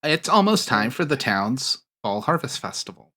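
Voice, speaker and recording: A man runs a tabletop role-playing game for his friends. He narrates the scene in an easy, joking way. His voice sounds bright and a little sharp, at an ordinary pitch for a man. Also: moderate pace. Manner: relaxed, joking scene-setting. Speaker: game master.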